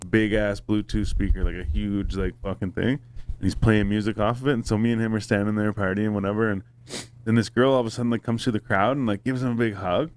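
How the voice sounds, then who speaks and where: A man telling a long story in casual chat, rambling and profane with many fillers. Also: fairly low pitch. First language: English.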